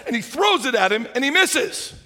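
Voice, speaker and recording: A man preaching a sermon, retelling a story with lively humor and acting out its characters. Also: extremely high pitch, normal speed. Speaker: pastor. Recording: hall reverb.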